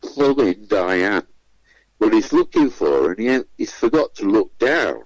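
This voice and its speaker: A man's voice: lowish voice, sing-song, measured pace, dry recording, poor audio. A man, a comedian telling chatty anecdotes in a radio interview and acting out the voices of the people he quotes. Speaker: guest comedian. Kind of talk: anecdotal storytelling.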